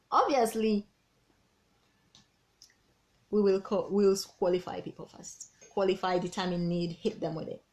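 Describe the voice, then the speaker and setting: A woman, a business coach giving an energetic, persuasive team training talk and repeating key words. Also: mid-range voice, a little slow, long pauses.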